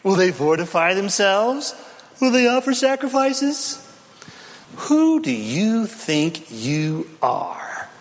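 A man's voice: high-pitched, big pitch swings, takes it slowly, in a large hall, heavily acted. A man putting on a sneering enemy ruler. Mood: mocking. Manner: scornful laughing taunts. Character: sneering male enemy governor, mocking.

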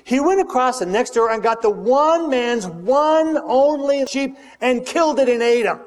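Man doing a stern old prophet, high voice, telling a parable, echoing hall. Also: expressive, measured pace. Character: prophet Nathan, a grave, confronting old prophet. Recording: long reverb of a big hall.

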